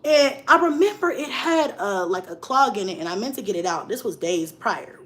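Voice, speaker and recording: A young woman vlogger telling a story in casual chat, laughing often and swinging between loud bursts and hushed asides. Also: mid-range voice, lively intonation, moderate pace.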